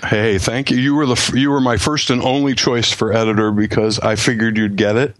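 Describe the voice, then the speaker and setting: A man's voice: medium pitch, level tone, brisk, no room sound. A man talking as a guest author on a podcast, enthusiastic and full of stammering restarts. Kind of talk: casual podcast chat.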